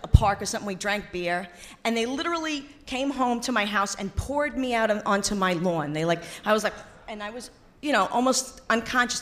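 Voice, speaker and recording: A woman's voice: fairly high pitch, fairly bright tone. Older woman, recovery testimony, blunt, profane, joking. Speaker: speaker sharing her recovery story. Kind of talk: personal testimony to a meeting.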